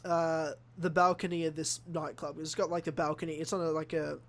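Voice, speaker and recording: A young man from Australia, hosting a casual podcast and telling an animated story full of acted-out quotes and swearing. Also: a little high, a little fast. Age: young adult. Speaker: podcast host. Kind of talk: casual chat.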